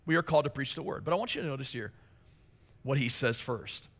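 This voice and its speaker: A man's voice: medium pitch, animated, fast, fairly bright tone, slightly rough. A man preaching a sermon as pastor, earnest and emphatic, repeating key phrases for weight.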